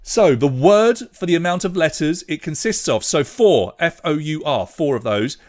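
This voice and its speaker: This young Brit hosts a pub quiz streamed live online, chatting loosely while announcing scores and names and trailing off when one slips his mind. His voice is a little high and a little mellow, expressive, at a normal speed.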